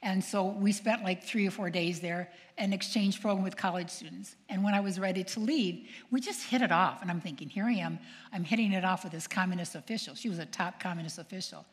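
An older woman, a nun, telling stories to an audience in a lively way, acting out quoted voices and asking her listeners questions. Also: lowish voice, a little fast. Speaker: nun and speaker. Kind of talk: storytelling talk to an audience. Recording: long hall reverb.

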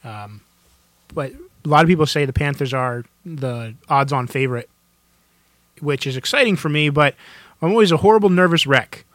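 A man chatting on a podcast, excitable and quick to laugh, often restarting his sentences. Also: on the high side, no room sound. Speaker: podcast co-host. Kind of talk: casual chat.

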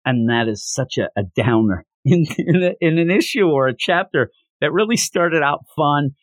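Animated man recapping a manga. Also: fairly high pitch, normal speed, no echo. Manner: animated, enthusiastic retelling. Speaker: podcast host.

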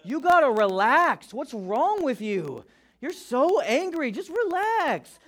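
A man's voice: very high-pitched, very animated, slow, fairly bright tone, pitched above the performer's own voice, heavily acted. A male pastor voicing his wife, a woman who soothes and scolds him from the passenger seat. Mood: chiding.

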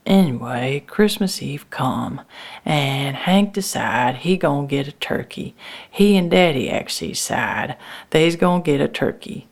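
A woman telling a first-person story in folksy rural dialect, with halting restarts. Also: low voice, expressive.

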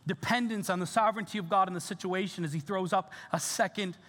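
High-voiced preacher man in an echoing church. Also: fast talker. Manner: earnest, animated preaching with casual fillers. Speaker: pastor. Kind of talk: sermon. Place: church sanctuary. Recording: church hall reverb.

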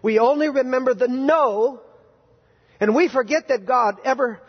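A male pastor preaching a sermon in a church, animated and quizzing his congregation with playful sarcasm. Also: very high voice, measured pace, breathy edge. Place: church sanctuary. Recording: dull, reverberant church hall recording.

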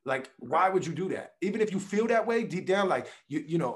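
A man's voice: high-pitched, brisk. A man, a podcast guest, talking casually and bluntly, swearing freely and acting out quotes as he makes his points. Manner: blunt, profane, animated storytelling with acted quotes. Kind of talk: casual conversation.

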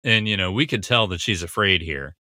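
A man talks through a TV scene in a casual, analytical way, recapping dialogue and pausing often on fillers. His fairly low voice has a very bright, sharp edge. The sound is close and dry with no room echo. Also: lively intonation. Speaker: commentator breaking down a TV scene.

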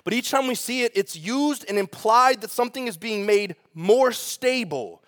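High-voiced man preaching a lively sermon. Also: normal speed. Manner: animated, conversational preaching with asides to the congregation. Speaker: pastor.

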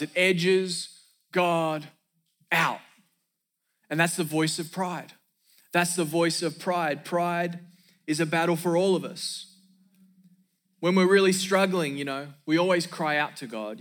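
A man's voice: on the high side, moderate pace, a bit bright. A man preaching a sermon as pastor, emphatic, repeating key lines for effect and dropping in joking asides.

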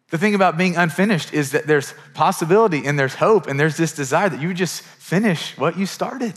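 A man's voice: mid-range voice, a bit bright. Earnest middle-aged male pastor preaching. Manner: conversational, earnest, repeats words as he builds. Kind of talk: sermon.

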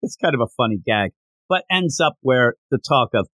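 A man's voice: medium pitch, moderate pace, no echo. A man co-hosting a podcast, recapping a manga chapter in casual chat and acting out the characters' lines as he goes. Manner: animated, acts out characters' lines mid-story. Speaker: podcast co-host.

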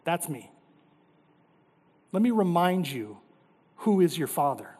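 A man in his thirties preaching a sermon with earnest delivery, often dropping low and quiet for dramatic lines. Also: big pitch swings, slow, long pauses, slightly rough. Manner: earnest preaching, voices God with dramatic drops in pitch and volume. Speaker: pastor. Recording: reverberant hall.

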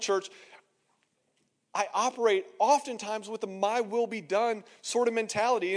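A man's voice: sits high, big-room sound. A man preaching a sermon as pastor in a conversational way, acting out the voices he quotes. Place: church hall.

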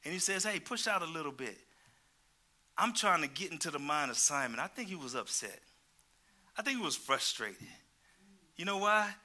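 A male preacher giving a lively sermon, joking and asking the congregation questions as he talks. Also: a little high, normal speed.

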